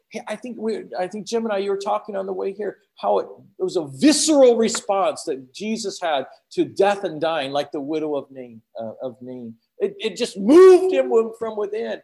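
Male preacher with a high voice, animated delivery, dramatic swings between loud and hushed. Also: normal speed, vocal fry. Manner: animated, acts out prayers and quotes with sudden swings from loud to hushed. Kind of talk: sermon.

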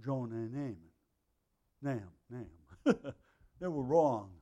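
A middle-aged man teaching a Bible passage verse by verse in a conversational way, with frequent throat clearing and asides. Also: mid-range voice, animated, a little slow, mellow, muffled recording.

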